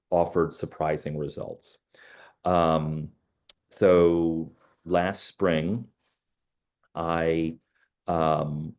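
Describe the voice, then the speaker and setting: Deep-voiced middle-aged man, chatty. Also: dark tone. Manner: conversational, many "you know" fillers. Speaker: realtor. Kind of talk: training talk with personal stories.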